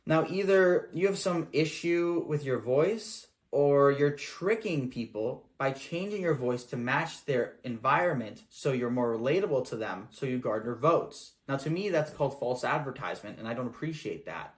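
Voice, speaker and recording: A man's voice: medium pitch, lively intonation, moderate pace, hardly any pauses. A man hosting a satirical comedy show, delivering a mock-earnest, sarcastic monologue.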